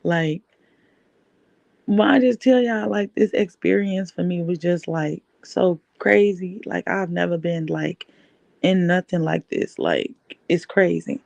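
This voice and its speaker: A woman's voice: lowish voice, slow, gravelly, darkish tone, no room sound, dull audio. A woman podcast host telling a personal story in an emphatic way, repeating key phrases.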